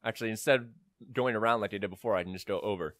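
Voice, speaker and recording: A man's voice: on the low side, very fast, a bit bright, no room sound, studio quality. A young man giving casual let's-play commentary, rambling with joking asides as he plays. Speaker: gamer.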